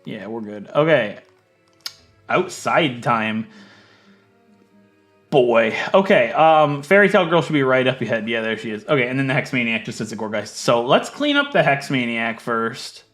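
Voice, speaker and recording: A man giving casual gameplay commentary, chatty and thinking aloud, swinging from low muttering to loud mock outrage. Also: big pitch swings, normal speed, faint music behind. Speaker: let's play gaming creator.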